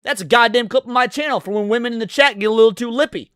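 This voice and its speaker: A man's voice: extremely high pitch, rapid-fire, fairly bright tone, clean tone, no room sound, studio quality. A man ranting in a heated, profane, sarcastic way, hosting commentary over game clips. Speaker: commentary host.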